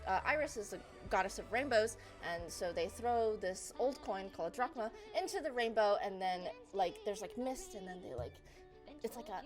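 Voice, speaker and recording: A young adult woman giving a casual comic recap of a slideshow, rambling and profane, with lots of fillers and quick asides. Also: medium pitch, a bit bright. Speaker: presenter.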